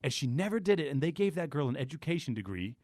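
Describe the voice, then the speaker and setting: A man's voice: fairly high pitch, big pitch swings, quick pace, darkish tone, no echo, studio quality. A man co-hosting a podcast, telling profane stories in casual chat and mimicking the people in them. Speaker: podcast co-host.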